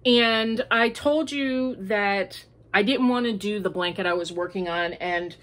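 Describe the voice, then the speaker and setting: A woman hosting a home crafting podcast, chatting casually in a rambling way. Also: mid-range voice. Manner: chatty and rambling, with many fillers. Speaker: crochet podcast host. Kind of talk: casual chat.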